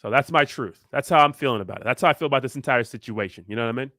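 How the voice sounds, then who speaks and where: A man's voice: mid-range voice, rapid-fire, pushed and bright, dry recording, studio quality. A young man hosting a crypto livestream, ranting in a fired-up way and answering viewers, often asking "you know what I mean". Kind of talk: live stream chat, reacting to viewers.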